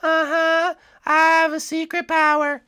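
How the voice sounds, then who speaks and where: A man's voice: very high voice, little pitch movement, unhurried, bright, forceful tone, pitched above the performer's own voice, full character voice. Kirby, a man doing a chirpy pink blob. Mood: sweet. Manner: sweet, chirpy, eager. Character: cheerful tiny pink blob creature, male.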